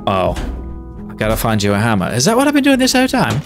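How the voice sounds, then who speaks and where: A man commentating a let's play video, animated and often laughing and exclaiming. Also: medium pitch, quick pace. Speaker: gaming video host. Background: game music.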